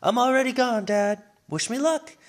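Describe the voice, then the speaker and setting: A man reading aloud and voicing an eager young female apprentice, speaking high and excited. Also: normal speed.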